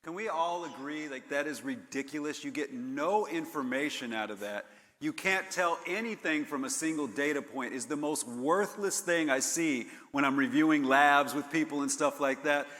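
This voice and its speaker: Energetic man with bright voice. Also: a little high, big-room sound. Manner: energetic, rallies the audience, quick to laugh. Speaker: panel moderator. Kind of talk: live conference panel talk. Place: conference stage.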